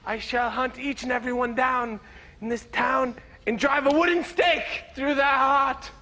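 A man's voice: very high-pitched, fairly even intonation, measured pace, bright, forceful tone, exaggerated voice. A man voicing a hammy stage actor declaiming a hero's vow on stage. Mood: declamatory. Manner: theatrical, declamatory. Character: hammy male stage actor playing a hero.

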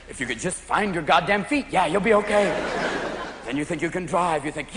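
A man's voice: fairly high pitch, animated, fast talker, very noisy. A man doing a stand-up comedy routine with manic energy, jumping into silly character voices. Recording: live show, echoey room, loud crowd laughter.

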